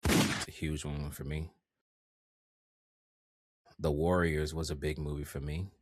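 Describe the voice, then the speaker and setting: A young man, a content creator guest on a podcast, telling stories in a lively, slangy way and swearing freely. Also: a bass voice, measured pace, husky, no room sound, studio quality. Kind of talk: casual podcast chat.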